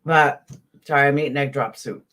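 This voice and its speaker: A woman with a bass voice and a Southern accent speaks at a moderate pace with a fairly bright tone. As a YouTube host, she rants casually to her live chat, blunt, profane, and heated.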